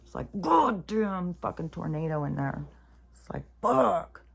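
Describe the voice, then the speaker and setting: A woman's voice: low-pitched, little pitch movement, fairly quick, creaky, darkish tone, slightly rough. A woman venting in a rambling, profane monologue for her vlog, sounding mentally exhausted. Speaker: spiritual vlogger.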